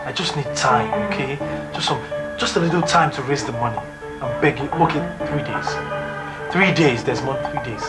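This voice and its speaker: A man's voice: mid-range voice, normal speed, loud music behind the voice, lightly acted. A man playing a desperate young Nigerian man begging. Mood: pleading. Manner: pleading, repeating himself. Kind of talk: film drama acting. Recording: film audio with score and street traffic.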